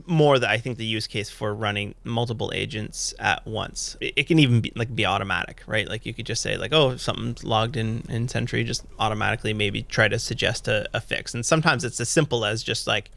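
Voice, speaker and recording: Gravelly bright-voiced male podcast co-host. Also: on the low side, fairly quick, hardly any pauses. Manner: rambling, filler-heavy, animated. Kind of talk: casual chat.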